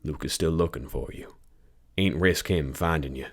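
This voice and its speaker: A man voicing a gruff, protective pilot with a folksy drawl. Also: a bass voice, normal speed.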